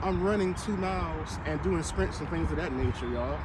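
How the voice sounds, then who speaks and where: A man with a slightly high voice delivers an upbeat, encouraging wellness vlog at a moderate pace, the audio very noisy. He's a health and wellness vlogger walking outdoors along a tree-lined route, casually motivating his viewers.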